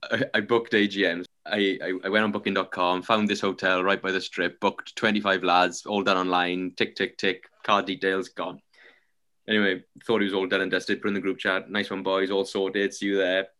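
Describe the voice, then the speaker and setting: A man's voice: low voice, moderate pace. A young man from Britain co-hosting a podcast, telling stories in a casual, joking way. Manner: storytelling, animated and joking. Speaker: podcast co-host. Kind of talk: casual pub chat.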